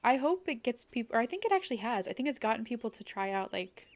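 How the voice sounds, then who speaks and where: A young adult woman chats casually on a game live stream, bubbly and rambling, packed with "like" and quick laughs. Her voice is on the high side and sing-song.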